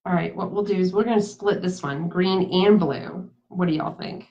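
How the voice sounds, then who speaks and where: A woman's voice: fairly low pitch, normal speed, dark tone. A woman giving a casual live craft demonstration, chatty, laughing easily and talking straight to her viewers. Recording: dull lo-fi sound.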